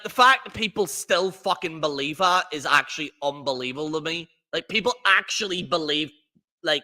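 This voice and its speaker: A man's voice: sits high, pushed and bright. A man hosting a livestream, ranting in a profane, rambling, mocking way. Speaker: livestream host. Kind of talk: casual rant on a livestream.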